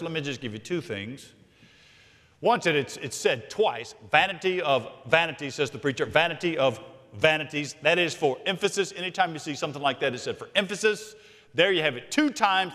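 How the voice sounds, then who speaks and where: A man preaching a sermon as senior pastor, emphatic, swinging from loud to hushed. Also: fairly high pitch, long reverb tail. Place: large church sanctuary.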